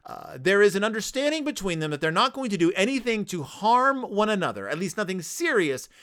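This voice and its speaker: A man's voice: high-pitched, fairly quick, clean tone. A man hosting a podcast, giving playful, jokey commentary on a children's book. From United States. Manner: playful, jokey, animated retelling. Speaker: podcast host.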